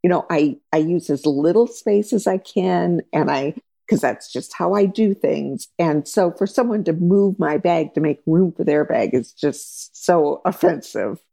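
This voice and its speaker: A woman's voice: lowish voice, moderate pace, gravelly, mellow. A woman chatting casually as a co-host, blunt and opinionated, calling herself a little grumpy. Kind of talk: casual chat.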